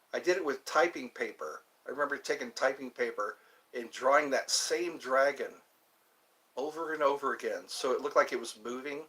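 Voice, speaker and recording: A man's voice: mid-range voice, sharp tone. A man hosting his own channel, chatting casually and meandering from topic to topic. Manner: meandering, chatty, puts on playful voices. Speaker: channel host. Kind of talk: rambling casual vlog chat.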